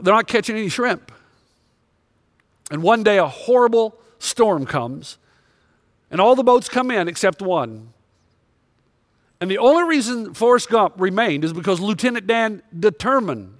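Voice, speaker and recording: A man's voice: sits high, a bit bright, no room sound, studio quality. A male pastor preaching a sermon with impassioned, confessional storytelling.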